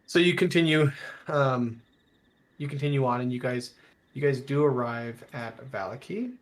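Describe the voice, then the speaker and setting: A man's voice: mid-range voice, moderate pace. A man narrating a tabletop game as game master, in loose, rambling sentences full of fillers.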